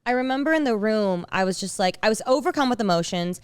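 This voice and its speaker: A young woman chats on her podcast in a loose, rambling way, packing her sentences with "like" and restarting them. Her voice is smooth and clear. It sits close and dry on the mic. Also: medium pitch, lively intonation, quick pace, no room sound. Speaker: podcast co-host. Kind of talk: casual chat.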